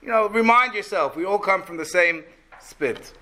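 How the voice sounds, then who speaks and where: A man's voice: sits high, animated, moderate pace, sharp tone. A man voicing a wise old rabbi in a told story, explaining patiently and matter-of-factly.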